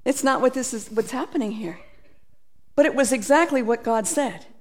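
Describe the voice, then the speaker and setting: A woman preaching a sermon, animated, acting out quoted voices and reading scripture aloud. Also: fairly high pitch, moderate pace.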